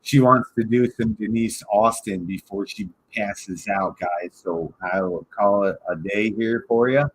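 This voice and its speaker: With few pauses and a slightly slow pace, a low-voiced Michigan man tells rambling stories packed with profanity, animated in style, on the casual podcast he hosts. The recording sounds rough.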